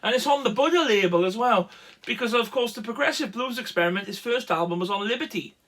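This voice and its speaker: High-voiced man chatting about records. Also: lively intonation, fast, a bit bright. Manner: rambling, lists track names, frequent ums and uhs. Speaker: vlogger showing his vinyl records; musician, guitarist. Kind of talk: casual show-and-tell.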